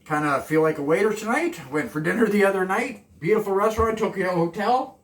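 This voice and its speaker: A man from Canada, chatting calmly and softly to the camera while cooking in his home kitchen, rambling off into asides. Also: sits high. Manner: deliberately soft and calm, rambling asides. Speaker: cooking vlogger. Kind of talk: casual cooking chat to camera. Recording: echoey kitchen, mic from far off.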